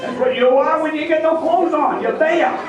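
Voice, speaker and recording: A man's voice: very high voice, fairly even intonation, normal speed, muffled recording. A man with a thick Maine accent, a humorist teaching a live audience how to talk like a local, joking and drawing the crowd into call-and-response. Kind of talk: stand-up comedy lesson to an audience. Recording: echoey hall, mic far off, crowd audible.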